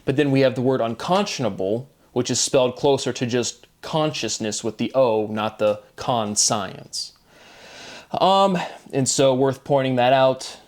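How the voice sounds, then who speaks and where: Man musing aloud over word patterns. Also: mid-range voice. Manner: musing, self-deprecating, wordplay-driven; drifts between quick asides and slow deliberate terms. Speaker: video creator. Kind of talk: rambling solo monologue.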